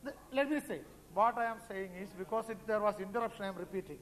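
A man's voice: high voice, fast talker, big-room sound, low-quality recording. A man with an Indian English accent arguing in a parliamentary debate, insistent and repeating himself over interruptions. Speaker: member of parliament. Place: large parliament chamber.

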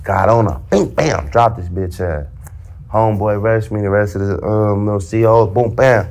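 A man with a fairly low voice tells his story in loose, slang-heavy talk. He acts out the back-and-forth himself, with lively energy. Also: normal speed. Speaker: storyteller recounting prison life. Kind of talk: casual storytelling in a played interview clip.

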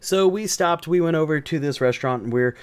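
A man's voice: on the high side, fairly quick, smooth. A man from the American South telling a story, crude and joking, rambling with many fillers. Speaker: gaming channel host. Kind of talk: casual storytelling.

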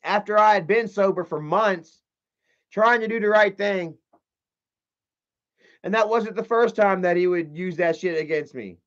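A man's voice: sits high, measured pace, long pauses, a bit bright. A young man chatting on a livestream, rambling and swearing, full of "you know" fillers. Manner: rambling, profane, many fillers. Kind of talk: casual livestream chat. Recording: dull lo-fi stream audio.

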